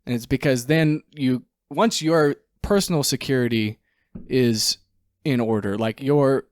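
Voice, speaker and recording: A man's voice: mid-range voice, measured pace, darkish tone, dry recording, studio quality. A man co-hosting a podcast, talking things through in a casual, reasoned way and swearing in passing. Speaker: podcast co-host. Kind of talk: casual chat.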